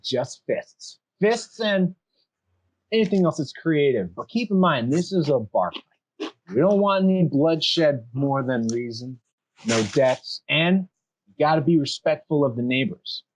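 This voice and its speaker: A swaggering male tiefling in fine clothes, smug and theatrical, as a man puts him on. The voice sits higher than plain talk and carries more punch. It has the showy confidence of a bar-room challenger. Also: lively intonation, unhurried, a little hiss or hum, low-quality recording. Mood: commanding. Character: dashing, cocky male tiefling brawler.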